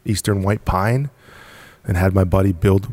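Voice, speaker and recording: A man's voice: low voice, fairly even intonation, measured pace, darkish tone, dry recording. A man from the United States, a podcast guest, telling his story bluntly and casually, swearing now and then and laughing between points. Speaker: podcast guest, apparel company founder.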